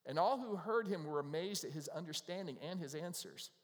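A middle-aged man preaching a sermon in a church, his slightly high voice ringing out with a long reverb tail. He talks to the congregation conversationally, sometimes acting out the voices of people in the scripture. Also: lively intonation, brisk. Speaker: pastor.

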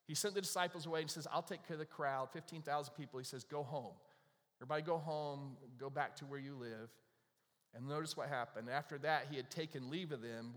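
A man's voice: medium pitch, a bit bright. A male pastor preaching a sermon, retelling scripture in casual everyday speech. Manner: conversational preaching, paraphrasing scripture in everyday voices. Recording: long reverb of a large hall.

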